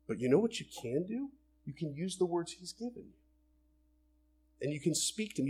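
A man delivers a sermon, working through scripture line by line. His voice has a husky edge, and his pitch swings widely, leaping up whenever he plays out a quoted voice. He sits at a middling pitch for a man. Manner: animated, acts out voices of people and God in quotes. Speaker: preacher.

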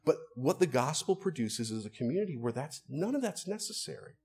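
A man's voice: mid-range voice, big pitch swings, fairly quick, darkish tone, husky. A man, a pastor, preaching an earnest, conversational sermon and asking his listeners rhetorical questions.

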